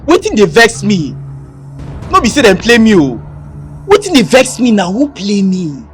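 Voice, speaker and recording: A woman's voice: mid-range voice, wildly swooping pitch, normal speed, faint music behind. An actress with a Nigerian Pidgin accent playing a young woman bitter at having been cheated. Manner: complaining, aggrieved. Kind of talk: Nollywood film acting.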